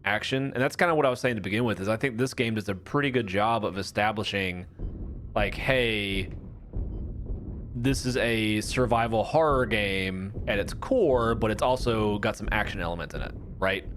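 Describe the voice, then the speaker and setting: A man's voice: lowish voice, normal speed, fairly bright tone, a little hiss or hum. A young man streaming a horror game, chatting casually and rambling with viewers. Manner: rambling, chatty, self-mocking. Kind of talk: casual gameplay commentary.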